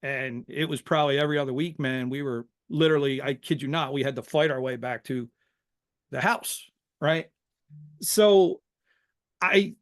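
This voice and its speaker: A middle-aged man from Philadelphia, a podcast guest telling stories from his youth in a lively, casual way and tacking "man" onto most sentences. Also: medium pitch, clear, resonant tone. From Philadelphia, USA. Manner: animated, says "man" constantly. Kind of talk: casual storytelling interview.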